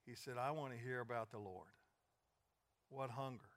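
An older man preaching a sermon, retelling conversations and building to loud, emphatic peaks. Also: medium pitch, normal speed, no room sound. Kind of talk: sermon storytelling.

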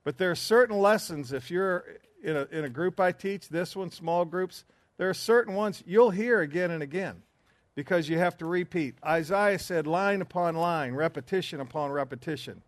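A man's voice: high voice, normal speed, no echo. A man teaching a men's group in an earnest, emphatic preaching style, with asides along the way.

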